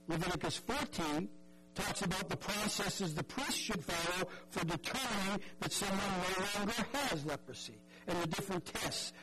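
A man's voice: high-pitched, background noise. A man preaching a sermon in an earnest, conversational way, often repeating words and acting out the voices in the story.

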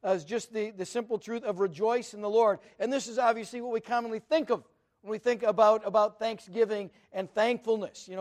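High-voiced middle-aged man preaching. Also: steady tone, fairly quick, a little mellow. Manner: earnest, personal storytelling. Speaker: pastor. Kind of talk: conversational sermon.

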